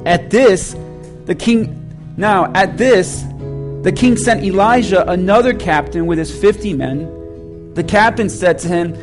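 A man's voice: unhurried, over music. A man preaching a sermon, emphatic and calling on the congregation to repeat lines back to him. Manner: hushed, low prayer. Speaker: pastor.

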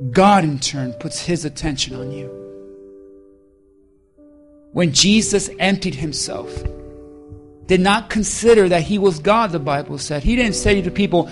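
High-voiced man preaching with emphatic swings. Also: measured pace, pauses often, faint music behind. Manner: emphatic preaching, swinging between loud calls and hushed lines. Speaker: pastor. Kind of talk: sermon.

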